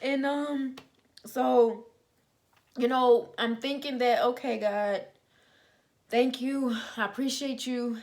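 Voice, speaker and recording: Young woman telling her faith testimony on a vlog, kinda high voice, chatty with lots of ums. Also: fairly even intonation, takes it slowly, long pauses, a little mellow. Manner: informal, conversational, with many fillers. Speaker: vlogger sharing a testimony. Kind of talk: personal faith testimony, casual storytelling.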